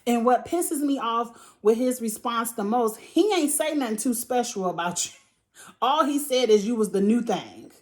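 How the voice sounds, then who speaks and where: A woman's voice: a little high, animated, normal speed, a little mellow. A young woman host casually recapping a reality TV episode, blunt and profane, acting out mock quotes with lots of laughter.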